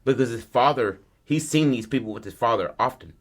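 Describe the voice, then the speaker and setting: A man's voice: medium pitch, fairly quick. A man hosting a podcast, casually and animatedly retelling a film plot in profane street slang. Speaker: podcast host.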